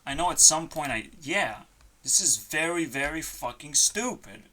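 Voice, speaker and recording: A channel host at a home computer desk, delivering a frustrated rant full of swearing that swings between loud outbursts and quiet muttering. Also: medium pitch, expressive, measured pace, a little hiss or hum. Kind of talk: ranting vlog.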